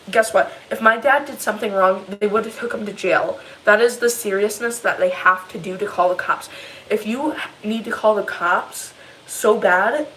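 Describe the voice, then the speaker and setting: A teenage girl telling a long, rambling story in a casual vlog, upset and animated as she retells it. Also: mid-range voice, a little hiss or hum, rough recording. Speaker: vlogger.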